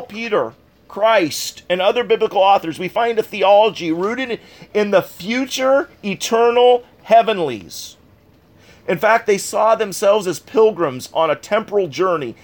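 A man preaching a sermon with an earnest, conversational delivery. His voice sits fairly high for a man, and he repeats phrases to drive each point home. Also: animated, normal speed. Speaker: pastor.

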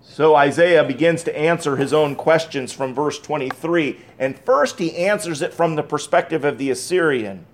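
A man with a slightly higher-pitched voice delivers an emphatic sermon. He stresses and repeats key phrases, then drops into loose conversational asides with small restarts. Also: moderate pace, few pauses. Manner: emphatic preaching, repeats key phrases, reads scripture aloud. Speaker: pastor.

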